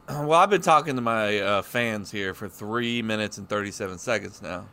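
A man's voice: lowish voice, normal speed, bright, forceful tone, clear, resonant tone. A man co-hosting a casual podcast over a call, teasing his co-host and swearing freely. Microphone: headphones on a call.

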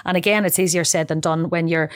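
Lower-voiced middle-aged woman explaining parenting ideas. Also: steady tone, quick pace, dry recording, studio quality. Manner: chatty, acts out parent and child voices. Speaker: podcast co-host discussing parenting. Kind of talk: casual explanatory chat.

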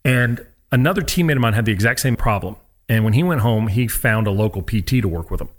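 A man talks quickly, his voice sitting a little low. He tells stories in a casual interview, slipping into the voices of the people he quotes. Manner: animated storyteller who acts out quotes. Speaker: guest, former college pitcher. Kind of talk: casual storytelling.

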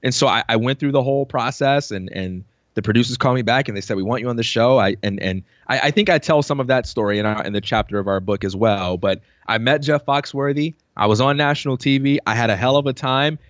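A man's voice: medium pitch, fast talker, hardly any pauses, no echo, highs cut off. A man telling stories about his career in a casual interview, acting out the voices of people he quotes. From New York. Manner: animated storyteller, acts out quoted voices. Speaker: podcast guest.

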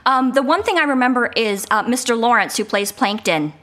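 A woman with a bright, tense voice pitched a little high, chatting as a guest on a video call. She tells stories in an animated, lively way, laughing easily. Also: fairly quick. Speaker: voice actor guest. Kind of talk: casual interview chat.

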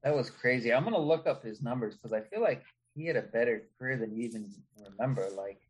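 A man guest on a casual podcast, chatting excitedly and reciting sports stats. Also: mid-range voice, fast talker, breathy edge.

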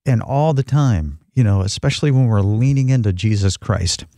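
A man's voice: fairly low pitch, expressive, normal speed, dark tone, no echo, clean studio sound. A man co-hosting a Christian talk show, teaching from the Bible in an earnest, reflective way with frequent restarts. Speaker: christian podcast co-host.

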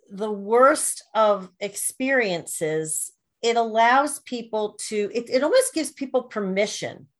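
A woman co-hosting a conversational podcast, thoughtful and affirming. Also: mid-range voice. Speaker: podcast co-host. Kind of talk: casual conversation.

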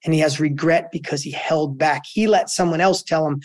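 A man's voice: fairly quick, hardly any pauses, no echo. Male guest, emphatic motivational storyteller, dry close sound. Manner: emphatic, storytelling, animated pitch swings. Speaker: guest entrepreneur. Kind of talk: motivational interview talk.

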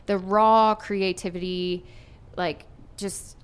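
A woman's voice: medium pitch, little pitch movement, takes it slowly, clear, resonant tone. A woman from Erie, Pennsylvania, a singer-songwriter guest talking casually in a podcast interview, chatty and earnest with lots of fillers.

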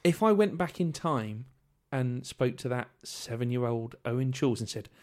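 A man's voice: mid-range voice, lively intonation, normal speed, darkish tone. A man co-hosting a podcast, joking around and telling stories in casual chat. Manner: joking, storytelling. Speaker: podcast co-host.

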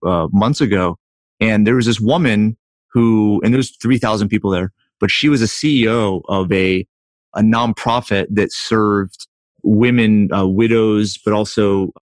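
A man hosting an interview, reflecting out loud and often restarting his sentences. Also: fairly low pitch, no room sound. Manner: thinks aloud, repeats and restarts words. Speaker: podcast host.

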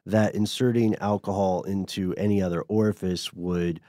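Measured low-voiced man explaining. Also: steady tone, dark tone, no room sound, clean studio sound. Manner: measured, explanatory, steers the topic. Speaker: podcast co-host. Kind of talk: casual chat.

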